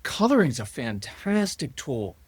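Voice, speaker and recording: A middle-aged man, a parenting coach as a podcast guest, telling stories lively and acting out quotes from parents and kids. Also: a little high, a little slow, slightly rough, no echo. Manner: animated storyteller acting out parent and child quotes. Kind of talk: conversational interview.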